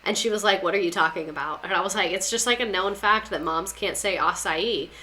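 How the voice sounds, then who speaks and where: Young woman podcast host, casual sarcastic chatter with a bright, sharp tone. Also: mid-range voice, fairly quick, a little hiss or hum. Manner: chatty, sarcastic, repeats words for comic effect. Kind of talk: casual chat reading listener stories.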